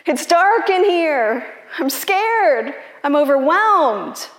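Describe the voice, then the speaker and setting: A woman voicing a frightened male bear trapped in a dark pit, calling for help in a high, panicky voice during a sermon story. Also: sing-song, takes it slowly, reverberant, in a large hall, full character voice. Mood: scared, pleading.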